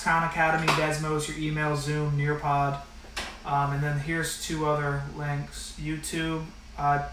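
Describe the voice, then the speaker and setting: A man's voice: on the high side, fairly bright tone, slight background noise. A man teaching an online math class and going over the rules, talking in a casual, direct way with a lot of fillers. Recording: echoey room, slightly distant mic.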